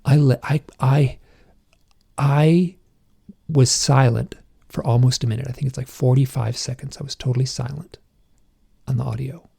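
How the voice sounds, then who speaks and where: A middle-aged man with a gravelly, husky voice tells his story as a podcast guest. He talks haltingly and intensely, restarting sentences and leaning on filler words. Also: medium pitch, fairly even intonation, mellow. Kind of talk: personal storytelling in conversation.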